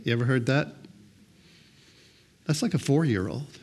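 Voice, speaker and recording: A man's voice: medium pitch, expressive, normal speed, pauses often, a little mellow. An older man preaching a sermon as pastor, talking in a loose conversational way and often repeating words as he goes.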